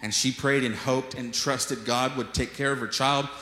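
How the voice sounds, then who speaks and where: Speaking at a moderate pace in a mid-range voice, a preacher livens up his sermon with stories, doing the voices of each character and trading jokes with the congregation. Long reverb from an echoey hall surrounds him.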